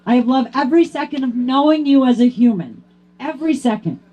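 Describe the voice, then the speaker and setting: A woman's voice: sits high, a little fast, highs cut off. A woman presenting a hall of fame award to her teammate in a heartfelt tribute speech, fighting back tears. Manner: grows loud and excited toward the end.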